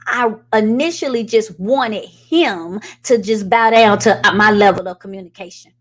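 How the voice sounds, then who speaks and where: A middle-aged woman preacher giving an animated, sermon-style teaching, addressing the congregation directly. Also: mid-range voice, normal speed. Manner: animated, call-and-response preaching.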